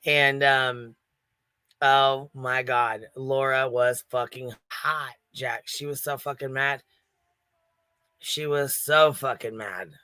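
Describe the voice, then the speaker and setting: A man's voice: medium pitch, steady tone, takes it slowly, sharp tone, clean tone, no room sound. A man hosting a livestream, gossiping with laughter and heavy swearing in casual commentary. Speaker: livestream panel host.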